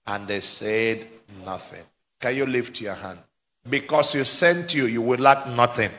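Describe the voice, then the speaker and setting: A man's voice: mid-range voice, unhurried. A male pastor, preaching a live church sermon and drawing call-and-response from the congregation. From Nigeria. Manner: exhorting, climbs to fervent shouting, prompts replies. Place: church service before a congregation.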